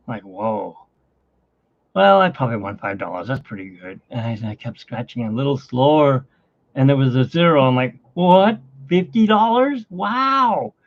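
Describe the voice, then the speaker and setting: A middle-aged man with hiccups chatting casually at home while drawing, rambling and animated, his pitch jumping up when he gets excited. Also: gravelly. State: has hiccups. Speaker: artist and channel host. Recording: dull lo-fi home recording.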